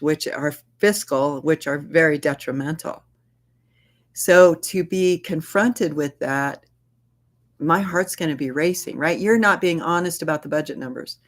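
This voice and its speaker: A man's voice: a little high, fairly bright tone. A man leading a workplace training session, speaking earnestly and acting out sample dialogues. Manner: earnest, repeats key phrases, acts out sample dialogues. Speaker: workshop facilitator.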